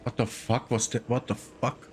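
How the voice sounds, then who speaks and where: A man's voice: medium pitch, little pitch movement, normal speed, loud music behind the voice. A man streaming a video game in casual chat, muttering to himself and swearing a lot. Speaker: gaming streamer.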